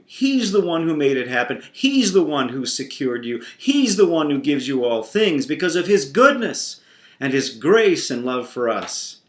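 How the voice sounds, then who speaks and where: Slow, expressive man telling a family story. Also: on the high side. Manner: warm, playful, expressive storyteller. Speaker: Christian teacher. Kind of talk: devotional storytelling. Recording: roomy echo.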